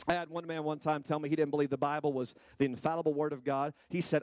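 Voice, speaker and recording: A male pastor preaches, questioning his congregation directly. His voice sits a little high, and it drops low and quiet, then climbs into loud, stretched-out exclamations. The recording is dry and close, with little room sound. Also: little pitch movement, fast, hardly any pauses, dry recording. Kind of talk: sermon. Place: church hall with a congregation.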